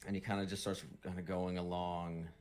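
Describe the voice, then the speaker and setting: Deep male game master, rambling descriptive narration, faint music behind. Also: level tone, fairly quick, a little mellow. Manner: loose, filler-heavy description.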